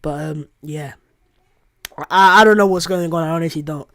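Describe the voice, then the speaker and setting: A man's voice: a little high, moderate pace, fairly bright tone. A young man hosting a casual live watchalong stream, reading chat and reacting in an exasperated, emotional way, often repeating himself.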